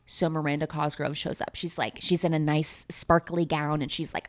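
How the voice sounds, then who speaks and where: A woman's voice: low voice, fairly even intonation, normal speed. A young woman vlogger giving a rambling, sarcastic, casual movie recap that is full of swearing.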